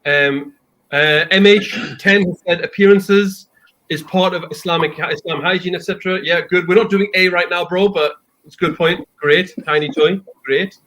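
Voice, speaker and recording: A man hosting a casual panel chat, prompting guests with quick upbeat affirmations. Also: high-pitched, steady tone, a bit bright. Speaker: host.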